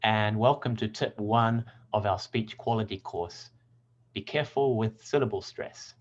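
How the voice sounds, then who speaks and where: A man teaching English pronunciation in a scripted lesson, speaking clearly and deliberately and stressing example words. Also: on the low side, lo-fi sound.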